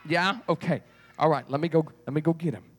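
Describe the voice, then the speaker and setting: A man leading a children's church puppet show, animated and coaxing as he tells a story to the kids. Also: on the high side, fast.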